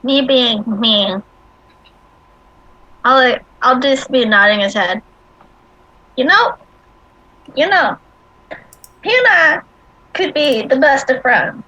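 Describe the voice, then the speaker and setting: A woman talks her party into a plan at a tabletop game. Her voice is high, bright and slow. It sounds dull and dry, with no room sound. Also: animated, no echo. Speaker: player. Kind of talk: casual game chat.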